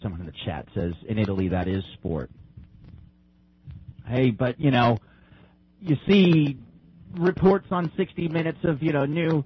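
A man's voice: mid-range voice, measured pace, pauses often, husky. A man reading a news article aloud on a live stream, then breaking off to comment loosely with restarts. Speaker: online show host. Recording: dull lo-fi stream audio.

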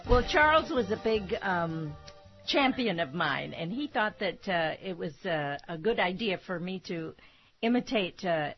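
A woman's voice: fairly low pitch, lively intonation, a little slow. An older woman, a comic actress guesting on a radio talk show, telling chatty stories and slipping into impressions. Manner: chatty storyteller who slips into comic impressions. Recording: slightly muffled radio broadcast with faint music.

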